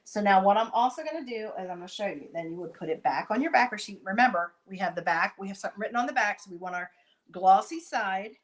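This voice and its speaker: A woman's voice: medium pitch, expressive, quick pace, rough recording. Chatty woman demonstrating a craft project. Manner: chatty, talks while working, frequent asides to viewers. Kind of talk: live-stream tutorial.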